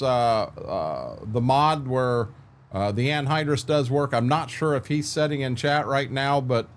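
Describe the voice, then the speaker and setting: An older man giving casual commentary as a game streamer, halting and repeating words as he thinks. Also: medium pitch.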